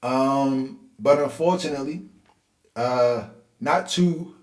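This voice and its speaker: A man in his forties from Philadelphia telling a personal life story in a casual, conversational way, getting animated when he relives tense moments. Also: mid-range voice, takes it slowly. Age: 40s. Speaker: host. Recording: roomy echo.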